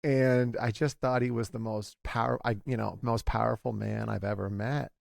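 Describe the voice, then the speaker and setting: A man in his forties, talking in a halting, confessional way, with many restarts, as a guest in a candid conversation. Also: lowish voice, fairly even intonation, vocal fry, dry recording, studio quality. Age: 40s.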